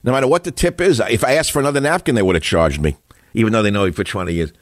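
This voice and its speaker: Older male talk radio host, low-pitched, combative ranting delivery, dry close sound. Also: very fast, dry recording. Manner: combative, ranting, storytelling with sudden rises in pitch. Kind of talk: political talk radio monologue.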